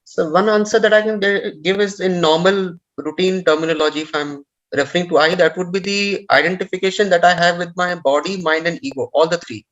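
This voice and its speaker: Man, high voice, measured explanations as a call participant; muffled sound. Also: a bit bright. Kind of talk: answering a question. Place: video call.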